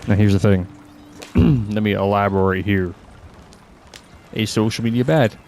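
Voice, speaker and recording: Gravelly, swearing Scottish man ranting. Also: fairly low pitch, measured pace, darkish tone. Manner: blunt, heavy swearing, rambling; exasperated, fed-up. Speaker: podcast host. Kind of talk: casual ranting monologue.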